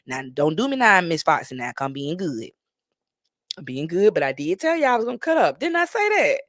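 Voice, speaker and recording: A woman's voice: low voice, fairly quick, no echo, studio quality. A woman hosting a live stream, chatting and laughing with viewers. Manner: animated, laughs often, talks straight to viewers. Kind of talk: casual commentary chat.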